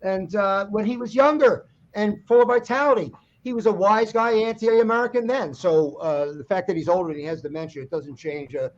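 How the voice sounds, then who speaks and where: A male guest on a political talk show, stating views emphatically between halting "uh"s. His voice sits a little high. The sound is dull and lo-fi, as over a remote call. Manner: emphatic, opinionated, halting fillers. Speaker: guest songwriter. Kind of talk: casual political chat. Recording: dull lo-fi line.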